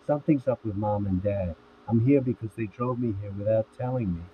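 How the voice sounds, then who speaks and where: A man voicing a frank, worried teenage girl in a script reading, her lines kept plain and even, his voice sitting fairly low. The sound is thin and phone-like, with faint hiss under it. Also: brisk, natural voice. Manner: reads each line in a plain, even voice.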